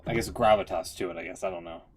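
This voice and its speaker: A man's voice: low-pitched, very fast, a little hiss or hum. A man hosting a casual podcast, often stammering and repeating words as he talks. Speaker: podcast host.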